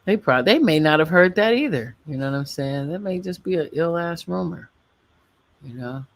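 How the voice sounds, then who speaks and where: Middle-aged woman, livestream host; chatty and rambling, with a gravelly edge. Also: deep voice, animated, normal speed. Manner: chatty, rambling, laughs often. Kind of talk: casual livestream chat.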